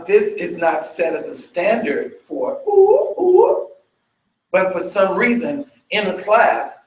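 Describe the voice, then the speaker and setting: Man teaching dance with vocal sounds. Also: fairly high pitch. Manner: vocalizes beats and sounds with energy; chatty, checks in with listeners. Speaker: dance fitness instructor. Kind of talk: teaching a workshop. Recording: echoey room.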